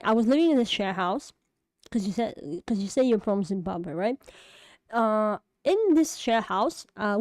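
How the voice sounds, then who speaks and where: A woman's voice: medium pitch, darkish tone, dry recording. Rambling woman chatting to camera, dry sound. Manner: rambling, hesitant, many fillers and restarts; self-deprecating, laughs often. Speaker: vlogger and animator. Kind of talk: casual chat to camera.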